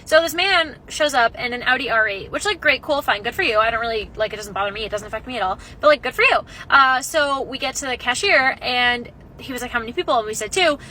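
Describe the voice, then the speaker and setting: Young woman, high voice, casual storytelling, exasperated, animated. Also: quick pace, few pauses, slight background noise, low-quality recording.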